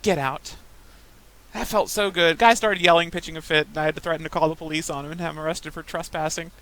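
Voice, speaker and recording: Bright-voiced young woman chatting while gaming. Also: low-pitched, fairly even intonation, fast, rough recording. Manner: rambling storytelling, frequent laughs. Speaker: gaming podcaster. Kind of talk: casual chat while playing a game.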